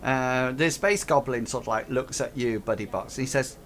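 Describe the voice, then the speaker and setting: A man running a tabletop game as game master, narrating in rambling, halting phrases. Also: mid-range voice, fairly bright tone.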